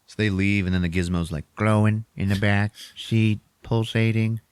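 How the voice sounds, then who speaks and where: Podcast host, man with a low voice, cursing freely while he recaps a movie, dry close sound. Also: moderate pace, clean tone, no echo. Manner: profane, animated retelling with put-on character voices.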